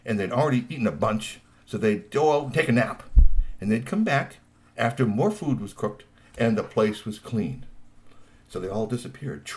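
A man telling a children's story in a playful, animated way, with lots of asides. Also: lowish voice, normal speed.

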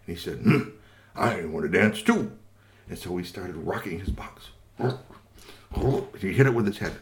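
A man telling a children's story with lively, sing-song narration and playful asides to listeners. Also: on the low side.

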